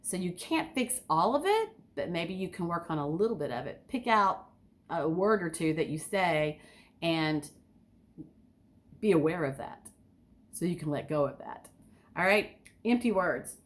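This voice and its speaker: A woman's voice: lowish voice, unhurried. An enthusiastic woman giving an instructional talk as a speaking coach, asking her listeners direct questions. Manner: enthusiastic, sometimes overly excited.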